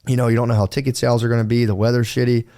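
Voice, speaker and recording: A man with a warm, medium-pitched voice races along in a flat delivery while co-hosting a casual podcast. He rambles about his experiences, swears freely, and quotes himself in different voices.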